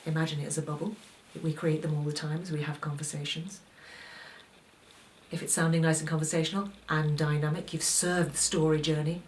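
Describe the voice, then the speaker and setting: Low-voiced woman coaching actors. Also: level tone, a little fast, recorded from a distance, a little hiss or hum. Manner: coaching with strings of rhetorical questions. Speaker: acting teacher. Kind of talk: instructional talk to aspiring actors.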